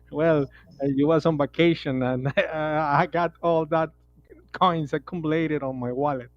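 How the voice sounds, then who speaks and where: Guy in halting broken english, laughs a lot, dry muffled sound. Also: on the high side, fairly even intonation, no room sound. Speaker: community member. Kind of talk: live stream chat.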